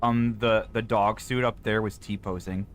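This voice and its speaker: This man, speaking with a fairly low pitch and fairly even intonation, plays a horror game on stream and talks casually with his co-player. He stumbles over fillers and restarts, tossing off quick, mumbled remarks to himself.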